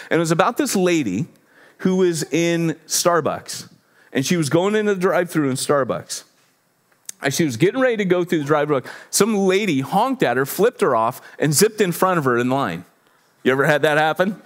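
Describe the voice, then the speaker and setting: A man in his forties, a pastor telling a personal story in a sermon, conversational and self-deprecating, acting out the voices in his story. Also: moderate pace. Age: 40s. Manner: animated, acts out quotes with big pitch jumps.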